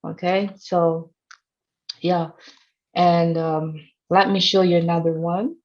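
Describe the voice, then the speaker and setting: A woman's voice: fairly low pitch, flat delivery, takes it slowly. A woman teaching a trading course in English that is not her first language, playful and teasing, often laughing at her examples. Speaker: trading instructor. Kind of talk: teaching a course over a chart. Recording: dull lo-fi sound.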